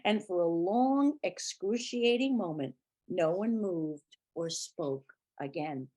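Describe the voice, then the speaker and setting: A woman's voice: on the low side, slow pace. A woman reading a novel aloud, acting out the dialogue and stopping to comment on it. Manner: acted, lively dialogue voices. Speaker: reader.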